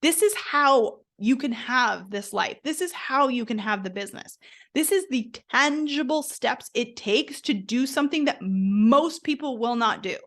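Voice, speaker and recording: Woman host, somewhat high voice, blunt and emphatic, swears often, motivational solo podcast. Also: lively intonation, a little slow, fairly bright tone.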